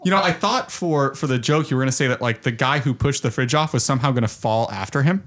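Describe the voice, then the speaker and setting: A man's voice: medium pitch, fast talker. A man co-hosting a casual podcast chat, joking and laughing often. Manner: animated, jokey, laughs often. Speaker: podcast co-host.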